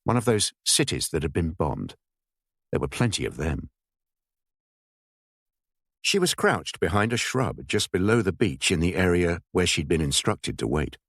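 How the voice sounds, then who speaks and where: A man reading a thriller aloud in measured, expressive scripted narration. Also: low voice, no echo, clean studio sound. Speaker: audiobook narrator.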